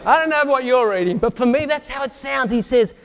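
High-voiced preacher in a reverberant hall. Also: male voice, lively intonation, a little fast, gravelly. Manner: dramatic, acts out Bible scenes with shouts; asks the congregation direct questions. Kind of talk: sermon.

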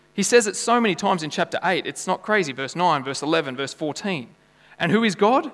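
Earnest preacher in his thirties, gravelly voice, rising to loud emphasis and dropping to hushed asides; booming hall with faint mains hum. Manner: earnest, swings from loud emphasis to quiet intimacy. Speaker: pastor. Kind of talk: sermon. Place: church hall.

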